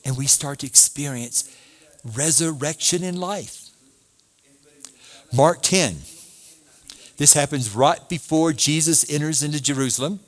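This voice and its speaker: With a fairly high pitch, a measured pace and long pauses, a male pastor preaches animatedly. He reads scripture aloud and puts questions to his congregation.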